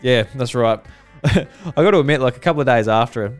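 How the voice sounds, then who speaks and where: A man's voice: medium pitch, fairly quick, faint music behind. A man with an Australian accent hosting a casual podcast, laid-back and chuckling often. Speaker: podcast host.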